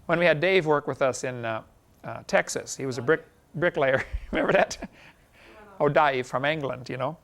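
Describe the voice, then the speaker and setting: A man's voice: fairly high pitch, moderate pace, creaky, a bit bright. A man giving a folksy classroom lecture, telling anecdotes and chuckling at his own stories.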